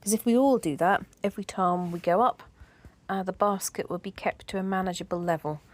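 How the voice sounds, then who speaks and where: A woman's voice: medium pitch, brisk. A middle-aged woman chatting in a rambling way, with asides and laughter, as a decluttering vlogger. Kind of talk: casual chat.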